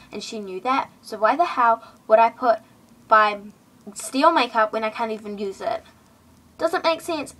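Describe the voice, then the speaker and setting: Teen girl ranting storytime vlog, fast chatty fillers, slightly high voice. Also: a bit bright. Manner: indignant, chatty, filler-heavy. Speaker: vlogger. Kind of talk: casual storytime rant.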